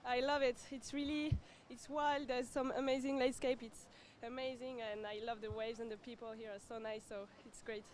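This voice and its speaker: A woman's voice: on the high side, flat delivery, moderate pace, few pauses, a little hiss or hum. A French woman surfer with a French accent, answering a beach interview cheerfully. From France. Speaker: pro surfer. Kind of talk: post-heat beach interview.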